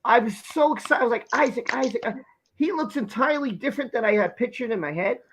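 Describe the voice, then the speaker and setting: A man's voice: very high voice, lively intonation, fast, fairly bright tone, slight background noise, rough recording. A man with a Brooklyn accent hosting a live stream chat, talking emphatically and effusively, often repeating himself. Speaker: host.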